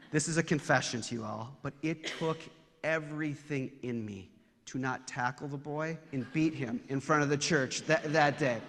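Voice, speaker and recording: A middle-aged man lecturing on theology, mixing history with self-deprecating family stories. His voice sits at an ordinary pitch. The sound carries a long reverb, as in a lecture hall. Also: a bit bright. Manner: storytelling, self-deprecating asides.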